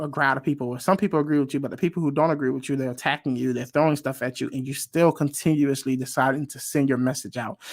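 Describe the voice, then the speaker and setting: A man hosting a reaction video in a casual commentary style. He is animated and emphatic, repeats phrases for stress, and calls for amens like a preacher. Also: mid-range voice. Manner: animated, preacher-like call and response.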